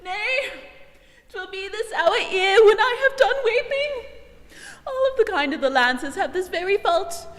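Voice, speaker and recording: A woman playing a comic young male servant who mourns over his dog, in an animated, mock-tragic style of amateur Shakespeare acting. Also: very high-pitched, unhurried. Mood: mock-grieving. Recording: long reverberant echo.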